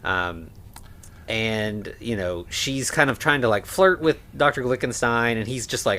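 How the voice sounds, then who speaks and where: A man co-hosting a podcast, recapping a film in casual chat, rambling with lots of fillers and quick laughs. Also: medium pitch, animated, bright, forceful tone. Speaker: podcast co-host.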